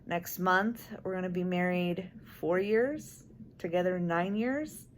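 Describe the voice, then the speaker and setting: Soft-spoken young woman in a hospital room. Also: lowish voice, slow, a little hiss or hum. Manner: soft-spoken, emotional, grateful. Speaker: expectant mother vlogger. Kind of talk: casual heartfelt chat.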